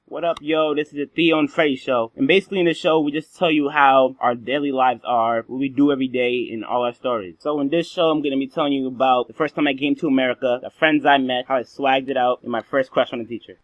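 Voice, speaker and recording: A man's voice: mid-range voice, fairly even intonation, fast, hardly any pauses, no echo. A man telling a funny childhood story in a casual, boastful, slangy way, with playful exaggeration. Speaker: vlog storyteller. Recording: dull lo-fi dry recording.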